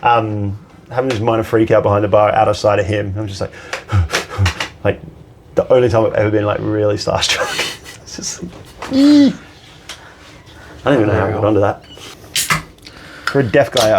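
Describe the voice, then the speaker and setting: Gravelly man telling bar stories. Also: lowish voice, moderate pace, pauses often, noisy background. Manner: animated anecdote teller, swears, acts out quotes. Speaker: podcast guest, bartender. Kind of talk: casual storytelling chat.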